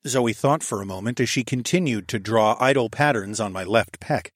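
A man's voice: mid-range voice, normal speed, no echo. Guy reading a cozy fantasy romance audiobook, wry and intimate, mid voice, dry close mic. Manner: intimate, wry, lively shifts between narration and dialogue. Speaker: audiobook narrator. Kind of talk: first-person romance fantasy narration.

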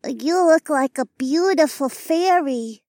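A man voicing an excitable, wide-eyed little girl in an audiobook, with a bouncy, breathless manner. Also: very high-pitched, slow, no echo, clean studio sound, pitched above the performer's own voice, heavily acted. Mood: excited wonder. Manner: breathless, bouncy, full of wonder. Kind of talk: audiobook narration.

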